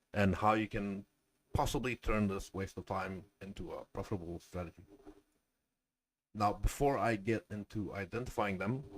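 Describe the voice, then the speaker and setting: A man who makes gaming videos, muttering to himself with jokes and lots of fillers as he checks his mic and then reads a casual script. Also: on the low side.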